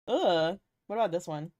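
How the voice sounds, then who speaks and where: A woman's voice: lowish voice, darkish tone, dry recording, muffled recording. Young woman, VTuber streamer, casual chat, teasing, giggly, swears, tired, close dry mic. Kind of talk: casual livestream chat with viewers.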